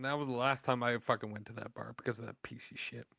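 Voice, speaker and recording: A man telling profane stories in a casual podcast chat, animated and blunt. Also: medium pitch, quick pace, creaky, few pauses, no room sound. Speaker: podcast host.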